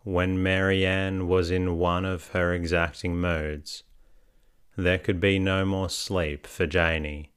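Deep-voiced guy reading a bedtime story real slow, smooth and calm. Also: dry recording, clean studio sound. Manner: slow, soothing and even. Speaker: sleep story narrator.

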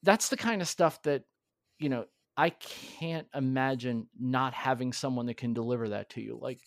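A man's voice: mid-range voice, moderate pace, dry recording, clean studio sound. A man telling his story in a candid, earnest conversation, often restarting his sentences. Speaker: podcast guest.

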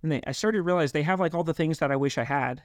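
A young man telling his life story in an interview, halting, with many fillers and restarts. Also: a little high, no room sound, studio quality. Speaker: guest. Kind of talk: reflective interview talk.

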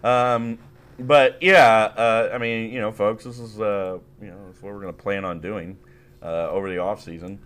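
A man's voice: fairly low pitch, fairly even intonation, moderate pace, fairly bright tone. A man hosting a podcast, chatting casually in a rambling, profane way and laughing often. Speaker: podcast host. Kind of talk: casual chat.

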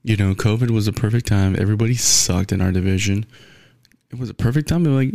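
A man's voice: fast, darkish tone, no room sound, studio quality. A man giving a blunt, profane, rambling sports rant in casual talk, full of restarts. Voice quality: gravelly, low.

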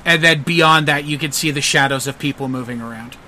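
A man narrating a tabletop role-playing game as game master. He speaks in a halting way with lots of fillers and restarts. His voice is bright and sharp and sits a little high. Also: a little hiss or hum.

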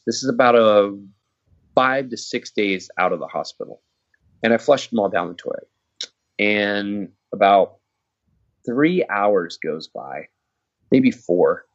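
A man casually telling a personal story, halting and restarting often, swearing now and then. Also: lowish voice, expressive, muffled recording. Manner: halting, frequent restarts and fillers.

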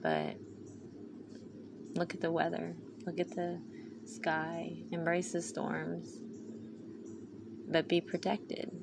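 A woman's voice: lowish voice, completely flat delivery, slow, vocal fry, pauses often. A woman hosting her podcast, talking in a rambling, heartfelt way with a valley-girl lilt. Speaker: podcast host. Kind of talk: casual personal monologue. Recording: noisy recording.

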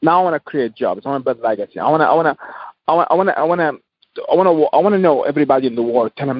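A man's voice: medium pitch, expressive, rapid-fire, breathy edge, no room sound, lo-fi sound. A man, a podcast guest, speaking passionately in emphatic, repetitive English. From Tunisia. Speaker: guest entrepreneur. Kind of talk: podcast interview.

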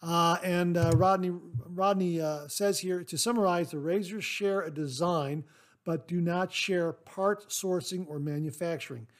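A man's voice: high voice, a little slow. A man hosting a casual solo podcast, reading listener mail in a chatty, rambling way with lots of "uh" fillers and enthusiastic thanks. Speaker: podcast host.

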